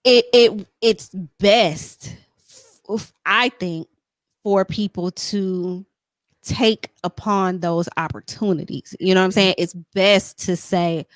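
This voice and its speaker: A woman's voice: medium pitch, slow, no room sound. Earnest woman podcast host, dry sound. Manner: earnest, encouraging, repeats "you know what I'm saying". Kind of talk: casual chat.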